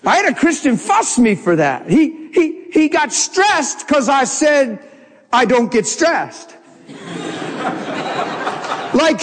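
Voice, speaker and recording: A man telling a story in a sermon, animated and laughing often as he talks. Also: high-pitched. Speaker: preacher. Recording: long hall reverb.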